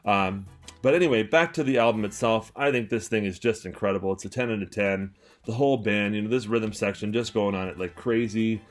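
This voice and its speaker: A young man from Canada talks through a beloved record in a loose, excitable review, his low voice tripping over fillers and restarts. Faint music plays behind him. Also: fairly quick. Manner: enthusiastic, rambling with many fillers and restarts. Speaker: record collector and store owner, channel host. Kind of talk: casual album-review chat to camera.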